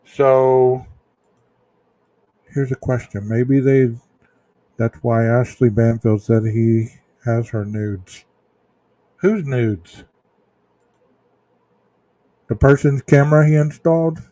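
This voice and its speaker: A man hosting a true crime livestream, chatting casually with viewers in a slow, rambling way full of ums and restarts. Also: medium pitch, mellow, dry recording. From Texas. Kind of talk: casual livestream chat reading viewer comments.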